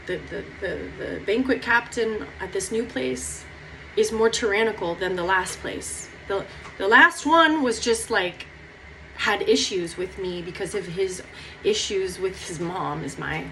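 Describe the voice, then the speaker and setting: A woman's voice: medium pitch, unhurried, noisy background. A young woman talking through her feelings in a rambling personal vlog, close to tears, swearing casually. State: near tears. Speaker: vlogger.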